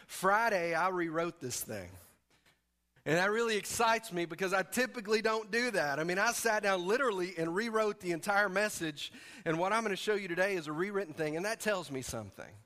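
A folksy, joking male pastor preaching a sermon in a church sanctuary. His voice is high and bright, with a long hall reverb behind it. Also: lively intonation, fairly quick. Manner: folksy, joking, leads call-and-response.

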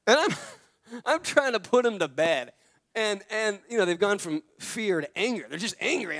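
A male pastor gives a relaxed, conversational sermon in a somewhat high voice. He tells stories and leans on repeated phrases to drive the point home. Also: moderate pace. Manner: storytelling, repeats phrases for emphasis.

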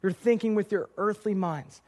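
Young male youth pastor, high voice, chatty storytelling sermon with fillers. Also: normal speed. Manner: lively storytelling with filler words.

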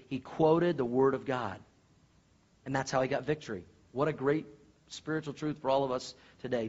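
Lively preaching man, dull lo-fi sound. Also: on the high side. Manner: earnest preaching with animated storytelling and questions to the congregation. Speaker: pastor. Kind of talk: sermon. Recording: dull lo-fi sermon recording.

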